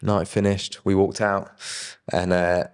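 Un giovane uomo dalla voce bassa racconta con naturalezza la sua storia di fede, imitando i dialoghi e ridacchiando. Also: male voice, slow pace, clear, resonant tone, long reverb tail. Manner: lively retelling with quoted dialogue and chuckles. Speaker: guest sharing his faith testimony. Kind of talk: casual personal storytelling.

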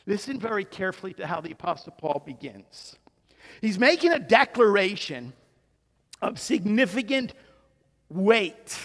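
A man with a high voice delivers a slow, deliberate sermon, leaning on rhetorical questions and repeated phrases. His words ring out with a long reverb, as if in a large church hall. He is emphatic throughout. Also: very animated, a bit bright. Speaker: pastor. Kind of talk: expository sermon.

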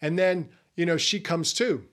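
A man's voice: on the high side, unhurried, a bit bright. A middle-aged man giving an earnest faith-based talk to men, speaking to the listener in a personal way.

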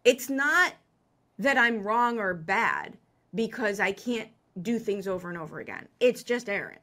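A middle-aged woman, a business coach, talking in a lively, self-deprecating way with frequent laughs in a conversational interview. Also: mid-range voice, measured pace.

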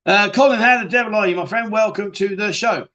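A man's voice: high-pitched, fairly quick, bright, forceful tone, muffled recording. A man hosting a casual live-stream chat show, reading out viewer comments and answering them bluntly, swearing freely and restarting his sentences often.

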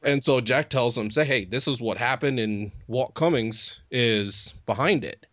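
A man's voice: medium pitch, unhurried, fairly bright tone, no room sound. A man co-hosting a podcast, casually retelling TV scenes and loosely quoting the characters. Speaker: podcast co-host. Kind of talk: casual chat recapping a TV episode.

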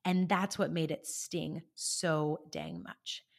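A woman hosting a podcast, talking listeners through a coaching idea in a casual, animated way and checking in with them as she goes. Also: low-pitched, slow pace, creaky. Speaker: podcast host and life coach. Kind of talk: conversational coaching monologue.

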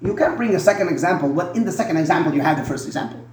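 Fast-talking, halting man teaching Talmud. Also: a little high, expressive, darkish tone, roomy sound. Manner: halting, repeats words, asks "right?" often. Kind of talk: Talmud study lesson.

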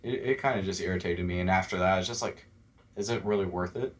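Young Texan man, low voice, animated stories. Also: fast. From Texas. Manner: animated storyteller, acts out quoted voices. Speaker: guest. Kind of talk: casual interview chat.

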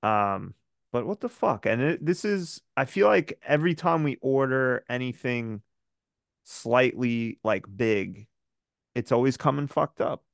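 A man's voice: mid-range voice, lively intonation, measured pace, vocal fry, no echo, clean studio sound. A man co-hosting a podcast, ranting in casual chat, rambling and swearing often. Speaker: podcast co-host.

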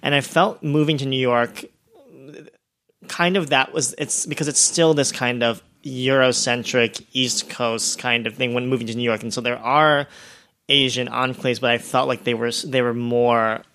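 A man's voice: medium pitch, steady tone, measured pace, bright, forceful tone. A young man from Ohio, a podcast guest, chatting casually and rambling with many fillers and restarts. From Ohio, USA. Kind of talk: casual chat.

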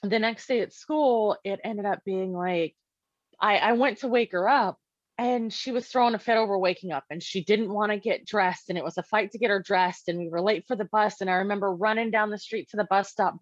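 A woman's voice: medium pitch, fairly quick, no room sound, lo-fi sound. A woman casually telling a personal story as a parent, talking conversationally with many fillers and acting out quoted dialogue.

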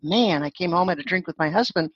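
Older female guest, husky, lively storyteller; muffled lo-fi audio. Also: fairly low pitch, fast, dry recording. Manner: chatty, laughing, acts out quoted voices. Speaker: guest, phone-skills trainer. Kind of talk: podcast interview storytelling.

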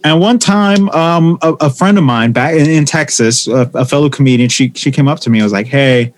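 A man, a stand-up comedian, talking casually and telling animated stories, acting out the voices of the people he quotes. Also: on the high side, fairly quick. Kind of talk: casual conversation.

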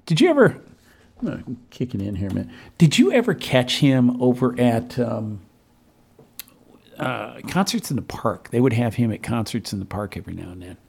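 A man's voice: medium pitch, big pitch swings, normal speed, vocal fry, darkish tone, breathy edge. A man hosting a community radio show from the studio, talking casually and enthusiastically in a rambling way. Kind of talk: casual on-air radio talk.

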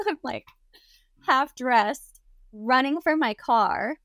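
A woman's voice: on the high side, animated, unhurried, fairly bright tone, no echo, studio quality. Chatty young woman telling a wild story. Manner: chatty, heavy use of "like" fillers. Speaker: interview guest. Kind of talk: casual storytelling.

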